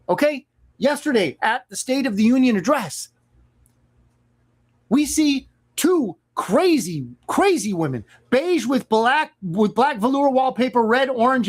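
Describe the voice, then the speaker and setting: A host delivering an opinionated commentary monologue in a sarcastic, mocking and emphatic manner. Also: mid-range voice.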